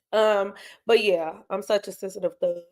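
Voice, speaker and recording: Candid woman hosting a live stream. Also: medium pitch. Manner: candid, emotional, talks straight to her chat. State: tearing up. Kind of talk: casual live stream chat.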